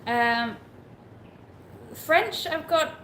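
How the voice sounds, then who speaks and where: A woman's voice: high-pitched, expressive, very slow, a bit bright. A woman co-hosting a live travel chat, talking casually with lots of hedging and reading out questions from viewers. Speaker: co-host of a travel livestream. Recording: echoey room with faint background noise.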